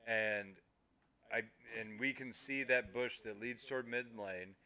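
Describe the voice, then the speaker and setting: Speaking into a streaming mic, this casual gaming podcast co-host makes his points emphatically, with casual swearing. His mid-range voice is unhurried, bright, forceful and clean.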